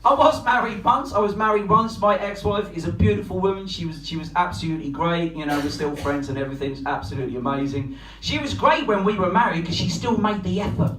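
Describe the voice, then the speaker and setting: A man doing a stand-up comedy set, swearing freely and shouting out voices for his punchlines. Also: fairly high pitch, quick pace, few pauses, background noise. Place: comedy club stage. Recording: echoey room, from far off. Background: laughing audience.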